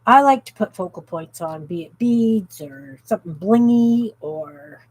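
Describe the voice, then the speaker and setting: Expressive and unhurried, her lowish voice sounds a little mellow and slightly rough, and the recording quality is low. The Canadian woman keeps up chatty talk on her craft livestream, reading viewer comments aloud while she works in her home craft room.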